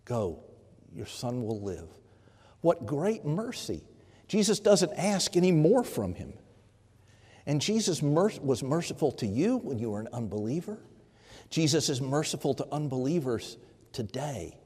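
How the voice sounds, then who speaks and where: A man's voice: on the high side, sing-song, normal speed, a little mellow, husky. A man preaching a sermon in a conversational way, often repeating words and briefly acting out the people he quotes. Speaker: pastor. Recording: long hall reverb.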